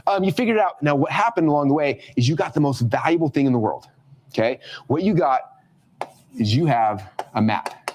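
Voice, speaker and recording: A man teaching a livestream lesson energetically, checking in with the audience with "okay?" after nearly every point. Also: on the high side. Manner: fast, animated, repeats "okay?" often. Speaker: host teaching online marketing.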